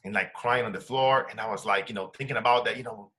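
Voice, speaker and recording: This middle-aged Brazilian man is a success coach who tells a personal story in earnest, speaking broken English with a Brazilian Portuguese accent. His voice is on the low side and sharp in tone, and he talks fast with few pauses.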